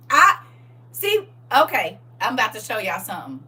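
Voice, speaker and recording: A woman hosting a casual livestream chat, talking straight to her viewers in a playful, animated way and laughing often. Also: on the high side, moderate pace. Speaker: livestream host.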